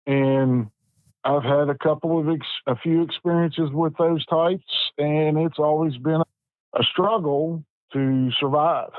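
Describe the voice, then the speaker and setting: A man, telling a personal story as a podcast guest in an unhurried, plain-spoken way with frequent restarts. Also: on the high side, darkish tone, no echo, poor audio. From West Virginia. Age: 50s.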